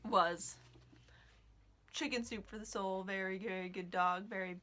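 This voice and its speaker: A woman's voice: medium pitch, steady tone, measured pace, pushed and bright. A woman chatting casually at home as a knitting vlogger, gushing about what she loves and breaking off to scold her dogs. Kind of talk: casual chat.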